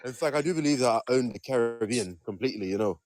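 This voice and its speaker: A man's voice: medium pitch, fast, a little mellow, natural voice. A man doing a pompous British king who claims to own the Caribbean, speaking in a stiff, formal, mock-regal way. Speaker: podcast co-host.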